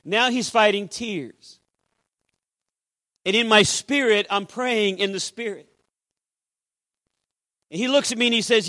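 A man preaching, his voice pitched high and heard dry and close. He tells a story from the pulpit and slips into the voices of the people in it. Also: measured pace, pauses often, sharp tone, dry recording. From Puerto Rico. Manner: acts out dialogue with shifting voices. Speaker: pastor. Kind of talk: sermon storytelling.

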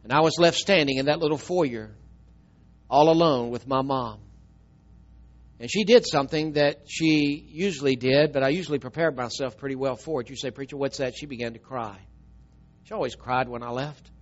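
A middle-aged man, preaching a storytelling sermon and swinging from emphatic, loud telling to a soft, tearful hush. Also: mid-range voice, moderate pace, dull audio.

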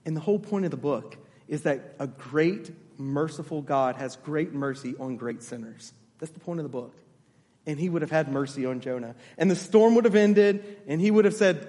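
A man's voice: a little high, lively intonation, normal speed, warm tone, long reverb tail. A man pastor delivering a sermon, emphatic, repeating his key phrases and checking in with the congregation.

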